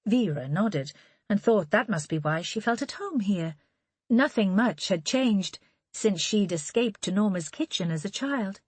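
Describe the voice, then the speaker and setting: Woman narrator, audiobook crime reading, lively pitch, dry close sound. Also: a little slow, slightly rough, dry recording. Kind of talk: scripted narration.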